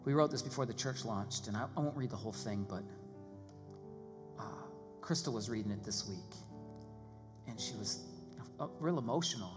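A male pastor delivering a sermon. At times he rises to loud, excited preaching and at times he drops to a quiet, hushed voice for prayer. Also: fairly low pitch. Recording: long reverb with music behind. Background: music playing.

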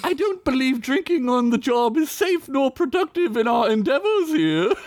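A man's voice: very high voice, very animated, moderate pace, dry recording, pitched above the performer's own voice. A man voicing a fussy, proper male robot assistant in a British accent. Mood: prim.

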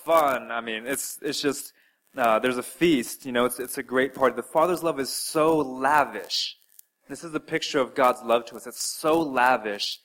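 A man preaching a sermon in an earnest way, asking his listeners direct questions and swinging between loud and soft. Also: medium pitch, rough recording. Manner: earnest, with wide swings in loudness.

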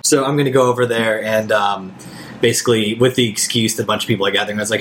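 A man's voice: lowish voice, fairly even intonation, fast talker, a bit bright, slight background noise. A man playing a tabletop role-playing game, hesitant and full of fillers. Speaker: player.

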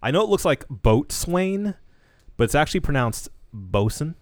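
A man co-hosting a casual podcast, easygoing, agreeing a lot and reading product labels aloud in a flat way. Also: fairly high pitch, very fast, dry recording. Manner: laid-back, agrees a lot, reads labels aloud flatly. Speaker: podcast co-host. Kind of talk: casual chat.

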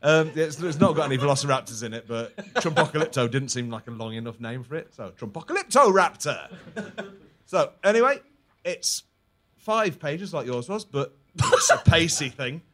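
A man hosting a casual comedy podcast, playful and quick to laugh. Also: fairly high pitch, wildly swooping pitch, fairly bright tone. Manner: playful, giggly.

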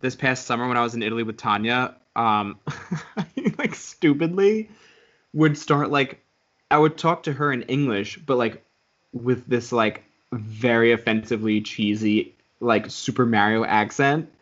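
A man's voice: medium pitch, fairly bright tone. A man co-hosting a podcast, talking in a laid-back, casual way with plenty of fillers. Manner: laid-back, filler-heavy, quick to laugh. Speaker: podcast co-host. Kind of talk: casual chat. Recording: dull lo-fi recording.

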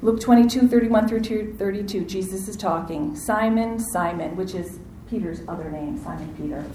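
A woman preaching a sermon, lively and acting out the voices in the story, calling on her listeners to answer back. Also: mid-range voice, moderate pace, reverberant, a little hiss or hum, rough recording. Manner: animated, acts out quoted voices, asks audience to respond.

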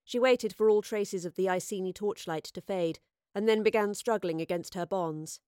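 A woman narrating an adventure story in a measured, expressive storytelling voice. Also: mid-range voice, smooth, no room sound, clean studio sound. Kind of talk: audiobook narration.

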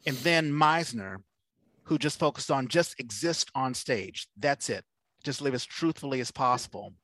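A man's voice: medium pitch, lively intonation, moderate pace, fairly bright tone, no room sound. A man hosting a podcast over a video call, talking in a rambling way with many fillers and restarts. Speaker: podcast host. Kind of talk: casual video-call conversation.

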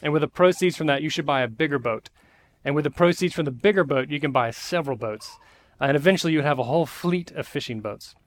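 A man's voice: fairly high pitch, fast talker, natural voice. A man voicing a brash American investment banker who talks eagerly and persuasively.

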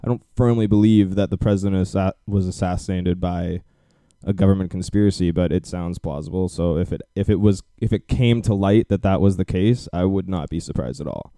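Low-voiced rambling male podcast host. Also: fairly quick, dark tone, no room sound, clean studio sound. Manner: rambling, many fillers and restarts. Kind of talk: casual chat.

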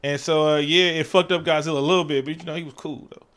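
A man with a fairly high voice talks loosely and loudly, swearing freely as he recaps a film. His telling is animated and full of jokes. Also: fast. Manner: loud, profane, joking, animated retelling. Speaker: podcast co-host. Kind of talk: casual chat recapping a movie.

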